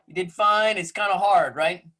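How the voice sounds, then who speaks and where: A man's voice: sits high, normal speed, pushed and bright. A male music teacher leading an online class over a video call, playful and teasing with his young students. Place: home room on a video call.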